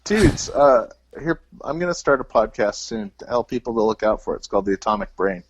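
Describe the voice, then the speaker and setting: Man, comedian guest, animated swoops in pitch, rambling jokes, self-mocking, remote call. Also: a little fast, no room sound, lo-fi sound. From Canada. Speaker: podcast guest, stand-up comedian. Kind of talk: casual joking chat.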